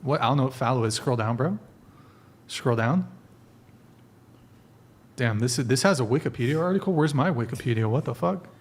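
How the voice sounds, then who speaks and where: A man's voice: medium pitch, animated, moderate pace, pauses often, slightly rough. Casual swearing podcast host, man. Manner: loose, profane, directs the crew. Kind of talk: casual live-stream banter.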